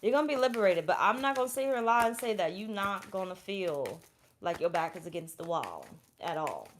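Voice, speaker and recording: A woman's voice: fairly low pitch, very animated, fairly quick, slight background noise. Blunt, profane young woman reading tarot. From Florida, USA. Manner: blunt, profane, repetitive storytelling. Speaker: tarot reader. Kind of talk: casual tarot reading with personal story.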